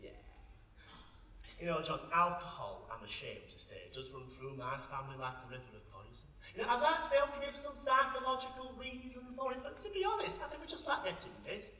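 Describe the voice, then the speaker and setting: A man's voice: high voice, fairly quick, pushed and bright. A man playing a bawdy, gossipy older Sheffield housewife with a Yorkshire accent, chatting in a comic monologue on stage in a large hall. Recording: echoey hall from far off.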